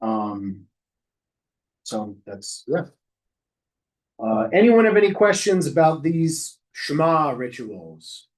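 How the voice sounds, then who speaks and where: A man's voice: on the high side, big pitch swings, slow pace, pauses often. A man leading an informal class for lay leaders, explaining prayer customs in a conversational way and stopping to chant lines as examples. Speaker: rabbi teaching lay leaders. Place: synagogue classroom.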